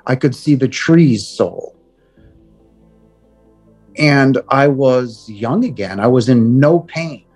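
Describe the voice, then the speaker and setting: Middle-aged man, heartfelt spoken testimony, stumbling restarts, mid-pitched, faint music under. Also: lively intonation, darkish tone, breathy edge. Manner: earnest, halting with repeated words. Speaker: guest telling a near-death experience. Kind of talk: personal testimony.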